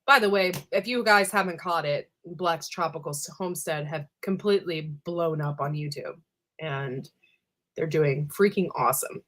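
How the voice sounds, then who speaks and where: A woman with a low, slightly bright voice talks at normal speed while casually hosting a livestream. She wanders between asides, says hello to viewers individually by name, and uses plenty of ums and trailing-off thoughts.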